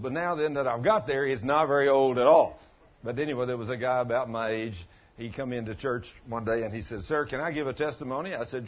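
Husky-voiced older man preaching folksy. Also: mid-range voice, muffled recording. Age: 60s. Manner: folksy, conversational preaching with colloquial grammar. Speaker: pastor. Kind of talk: sermon with storytelling.

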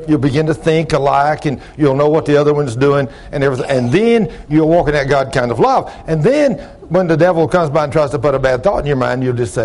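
An older man preaching a folksy sermon, talking loud and gruff, telling plain-spoken stories and asking the congregation questions. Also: fairly high pitch, lively intonation, fast, hardly any pauses. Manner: loud, gruff, rising into shouts when acting out stories; plain-spoken, ungrammatical storytelling with audience questions.

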